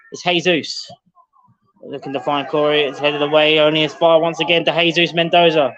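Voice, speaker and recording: A man's voice: on the high side, fairly bright tone, a little hiss or hum. Man calling a football match live. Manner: running play-by-play, calling player names, lifts with the action. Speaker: match commentator for the club's livestream. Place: outdoor football ground under floodlights. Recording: dull lo-fi livestream audio.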